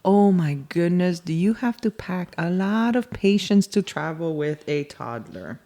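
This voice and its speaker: A woman's voice: fairly low pitch, animated, measured pace, warm tone. A woman co-hosting a podcast in casual chat, laughing often and correcting her partner. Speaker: podcast co-host.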